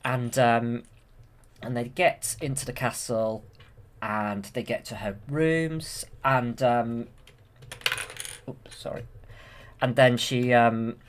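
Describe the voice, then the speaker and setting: A man's voice: mid-range voice, fairly even intonation, slow, pauses often. Man hesitantly retelling a film. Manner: hesitant, many fillers and restarts. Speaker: channel host. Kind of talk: casual retelling of a film from memory.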